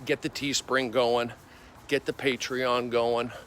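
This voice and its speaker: Excitable rambling man on a phone stream. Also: mid-range voice, takes it slowly, a little hiss or hum. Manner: excitable, repetitive, bursts of loud emphasis. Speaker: comedian. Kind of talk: rambling walk-and-talk livestream.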